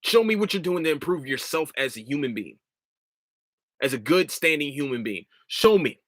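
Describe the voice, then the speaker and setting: A man hosts his solo podcast in a bright, forceful voice, close and dry with no room around it. He rants with plenty of swearing, jumps up in pitch when worked up, then laughs it off and drifts into easy chat. His voice is starting to wear thin. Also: lively intonation, moderate pace, no room sound. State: voice starting to give out. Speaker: podcast host. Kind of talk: casual solo podcast monologue.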